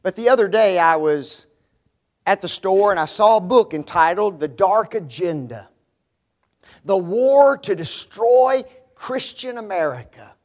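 A man's voice: high voice, animated, unhurried. A man preaching a sermon, emphatic and sarcastic, putting rhetorical questions to his listeners. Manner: emphatic, rhetorical questions to the audience, mocking quoted phrases.

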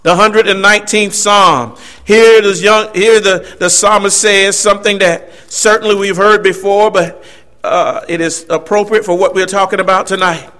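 With a ringing, high voice, this preacher addresses his congregation emphatically, his delivery rising and falling and dotted with asides. His pace is moderate, his intonation fairly even, and his tone sharp.

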